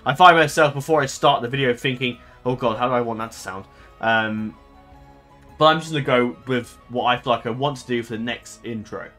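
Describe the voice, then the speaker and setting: A man of middling pitch hosts a gaming channel and chats loosely with his audience. He wanders through his thoughts, stopping to fix his own phrasing and leaning on ums. Soft music plays faintly behind him. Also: a little fast. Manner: rambling, hesitant, self-correcting with many ums. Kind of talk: casual talk to viewers.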